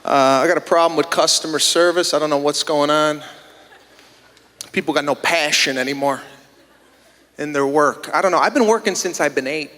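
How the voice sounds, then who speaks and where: A man's voice: a little high, moderate pace, pauses often, fairly bright tone. A man doing a stand-up set on a theater stage before a live audience, telling indignant, exasperated stories and acting out the dialogue on a handheld mic. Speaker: stand-up comedian. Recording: long theater reverb.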